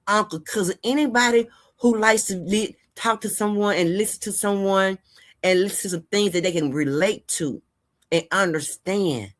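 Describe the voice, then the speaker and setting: A woman who runs a gossip and news channel talks straight to her viewers in a casual vlog monologue. Her voice sits at medium pitch and moves at a moderate pace as she rambles chattily and offers heartfelt life advice.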